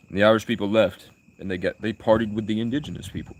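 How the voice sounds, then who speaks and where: A man's voice: fairly low pitch, steady tone, fast talker, hardly any pauses, no echo. A young man live streaming, chatting with viewers in rambling, crude, provocative banter. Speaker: livestreamer.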